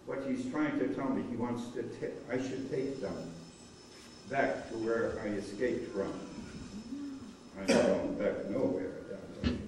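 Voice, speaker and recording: An elderly cantor, unhurried as he tells a story and acts out each exchange. His voice carries from well back in a very echoey synagogue hall, with a faint hum of noise underneath. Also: mid-range voice, distant mic. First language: Polish. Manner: animated storyteller acting out dialogue. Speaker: cantor giving a memorial talk. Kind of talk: storytelling talk.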